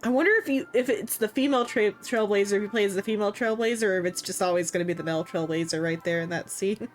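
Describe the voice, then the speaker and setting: A woman's voice: mid-range voice, quick pace, soft background music. A woman live-streaming a game, chatting casually and laughing often. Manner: giggly, laughs often between remarks.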